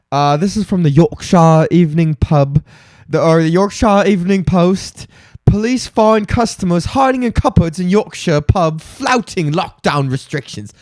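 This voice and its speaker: A man's voice: sits high, a little mellow, dry recording, studio quality. A man in his twenties hosting a comedy podcast, ranting profanely and rambling as he laughs at his own jokes. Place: room at home, on camera.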